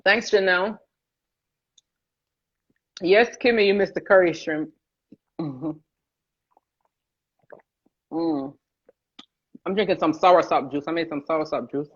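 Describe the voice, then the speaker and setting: A woman's voice: sits low, slow pace, pauses often, slightly rough. A woman from Jamaica with a Jamaican accent, chatting casually and laughing while she cooks on a livestream, greeting viewers by name. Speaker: cooking livestream host. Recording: dull lo-fi livestream audio.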